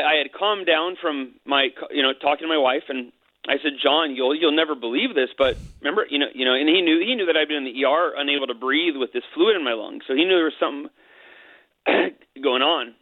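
With no room sound and a tinny phone-line quality, a middle-aged man speaks as an interview guest. His slightly high voice carries a candid, emotional personal story laced with jokes.

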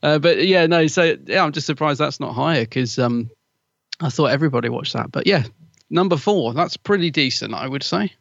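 A man's voice: a little high, expressive, brisk, creaky, a bit bright, no echo, highs cut off. A man co-hosting a podcast, chatty and gossipy, often laughing as he talks. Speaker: podcast co-host. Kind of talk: casual chat.

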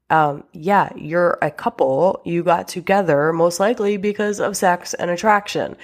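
Frank, low-voiced woman podcast host. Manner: frank and chatty, with casual swearing. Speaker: podcast host and relationship coach. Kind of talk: casual solo podcast talk.

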